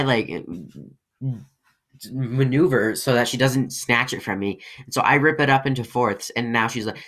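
A man's voice: mid-range voice, fairly bright tone. A man talks through a personal story for his podcast, circling back on himself with frequent fillers and false starts. His voice sits in an ordinary middle register and he tells the story in a loose, casual way. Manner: rambling, halting, many fillers and restarts. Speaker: podcast host.

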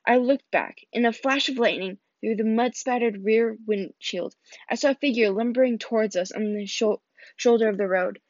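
Reading a novel aloud, a woman voices each character, though she keeps slipping and starting lines over. Her voice is a little high, and the recording is dry, dull, and lo-fi.

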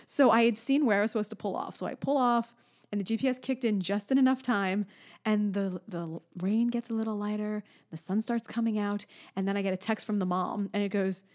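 A woman in her thirties telling a long family story in a casual chat, animated and acting out the people she quotes. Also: fairly quick. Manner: animated storyteller, acts out a toddler's high voice. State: pregnant.

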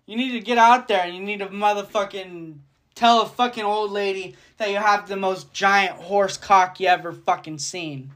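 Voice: medium pitch, fairly even intonation, normal speed, a bit bright. A podcast host delivering a casual solo rant, profane and rambling, jumping between thoughts.

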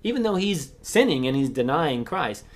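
A man preaching a sermon as pastor, acting out Bible voices and swinging between loud emphasis and hushed asides. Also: fairly high pitch, sing-song, moderate pace.

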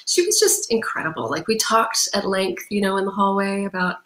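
A woman's voice: medium pitch, a little fast. A young Canadian woman recounts backstage stories in a casual interview. She talks animatedly, slipping into little acted voices and laughing often. The room adds a noticeable echo around her. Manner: animated storyteller, laughs often, acts out quoted lines. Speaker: musical theatre actress, guest.

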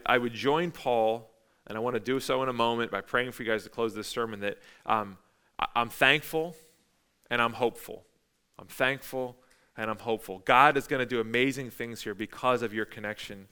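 Bright, clear-voiced male pastor preaching. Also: medium pitch. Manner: conversational, emphatic, repeats phrases. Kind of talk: sermon.

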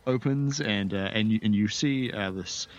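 A man serving as game master, narrating a tabletop game in a meandering, descriptive, halting way. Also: lowish voice, lo-fi sound, a little hiss or hum.

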